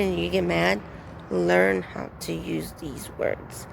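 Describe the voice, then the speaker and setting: A woman's voice: fairly low pitch, little pitch movement, takes it slowly, vocal fry, a little hiss or hum. A woman rambling through a casual vlog outdoors, telling her story in a chatty way with lots of fillers. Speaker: vlogger.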